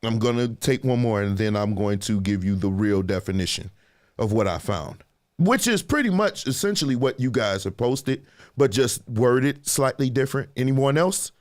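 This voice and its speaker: A man's voice: medium pitch, moderate pace. A man hosting a live discussion show, chatting casually and reading out viewer comments as he quizzes his audience. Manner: animated, conversational, quizzing the audience. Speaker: livestream show host.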